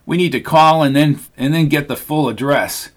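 A narrator playing a laconic truck-driving cowboy in a storybook reading, wary and low-key in how he talks. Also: moderate pace, natural voice.

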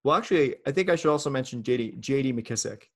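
A man's voice: medium pitch, lively intonation, fast talker. A man hosting a casual fantasy football chat, running down the player list and teasing his co-host in a playful way. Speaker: podcast host.

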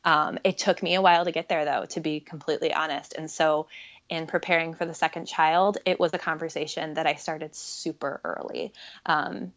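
A woman's voice: sits low, steady tone, moderate pace, a bit bright, dull audio. A woman in her thirties, a podcast guest, talking candidly and reflectively about her experiences, with frequent fillers. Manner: earnest, reflective, many fillers. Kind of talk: candid personal conversation.

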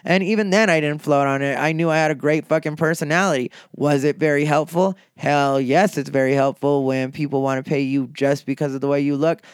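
A middle-aged stand-up comedian talking in a casual, profane and combative monologue. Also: male voice, a little high, steady tone, fairly quick, hardly any pauses, clear, resonant tone, dry recording, studio quality.

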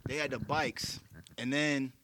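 A man's voice: mid-range voice, measured pace, noisy background. A young man telling a story in casual chat, swearing a lot and acting out what others said. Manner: animated, swears a lot, acts out quotes loudly.

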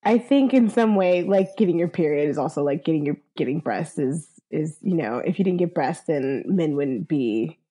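A woman's voice: low-pitched, expressive, normal speed, few pauses, dark tone, slightly rough, low-quality recording. A woman co-hosting a casual chat, rambling and laughing often mid-sentence. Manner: chatty, rambling with many likes. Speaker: podcast co-host. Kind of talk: casual chat recapping a film.

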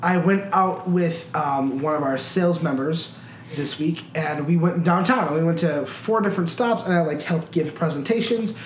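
A man's voice: fairly high pitch, moderate pace, echoey room, slight background noise, rough recording. A young man co-hosting a podcast, chatting casually with friends, rambling with lots of restarts and fillers. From United States Midwest. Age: young adult. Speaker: podcast co-host. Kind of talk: casual chat among friends.

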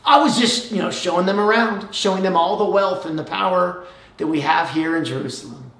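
A proud, boastful king eager to show off his riches, played by a preacher in a sermon. The voice is lively and raised. A roomy echo hangs around every word. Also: mid-range voice, a little fast, lightly acted.

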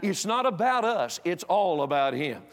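Older male preacher, slightly high-pitched, emphatic pulpit delivery, recorded in a long-reverb auditorium. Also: big pitch swings, moderate pace. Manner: emphatic, swings from loud exhortation to hushed storytelling. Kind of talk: sermon. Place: church auditorium.

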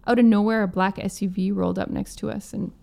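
A woman from Manitoba, a guest musician, tells a story in a casual interview, with a touch of vocal fry in her mid-pitched voice. She acts out the quoted lines in her own voice. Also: steady tone, quick pace, dark tone. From Manitoba, Canada. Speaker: guest musician, violinist and singer.

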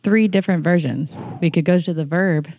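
A young woman co-hosting a podcast, chatting casually with quick, wry remarks. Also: on the low side, mellow, dull audio, a little hiss or hum. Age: young adult. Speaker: podcast co-host.

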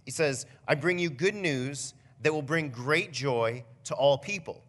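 Bright-voiced animated young pastor, man. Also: on the high side, measured pace. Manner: animated storytelling, builds to near shouting. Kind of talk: conversational Christmas Eve message.

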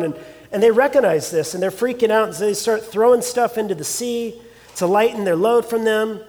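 High-voiced preacher in a reverberant hall. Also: male voice, moderate pace. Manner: expressive storytelling preacher, reads scripture aloud. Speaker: pastor. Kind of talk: sermon.

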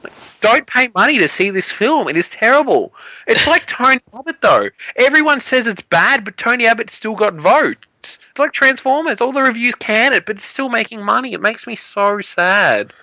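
Bright-voiced man ranting about a film. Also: extremely high pitch, lively intonation, no echo, rough recording. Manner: ranting, sarcastic, quick asides. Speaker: podcast co-host. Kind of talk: casual film review chat.

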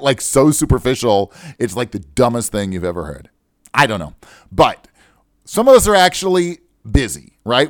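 A man's voice: mid-range voice, dry recording, studio quality. A middle-aged man hosting a casual solo radio talk show about money, digressive and joking, saying he is wound up. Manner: animated, digressive, joking, self-described wound up. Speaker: radio show host, financial adviser. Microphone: studio microphone.

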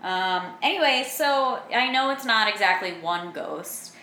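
A young adult woman co-hosts a podcast, chatting casually and animatedly and swearing now and then. Her voice is a little high, expressive and sharp in tone, with a slightly slow delivery. The room sounds echoey, with faint noise.

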